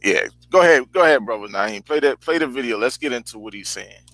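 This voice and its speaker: A man's voice: mid-range voice, lively intonation, fast talker, a bit bright, no room sound, poor audio. A man co-hosting, speaking in an emphatic, preachy way with stuttered restarts. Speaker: co-host. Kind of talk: casual heated commentary.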